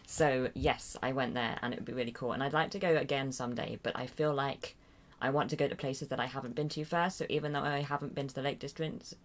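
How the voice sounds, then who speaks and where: A woman's voice: low-pitched, a bit bright. An English woman hosting a casual livestream, reading viewer comments and answering in a rambling, hesitant, self-deprecating way, full of fillers and small chuckles, at her computer at home. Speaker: livestream host. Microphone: desk mic near a loud keyboard.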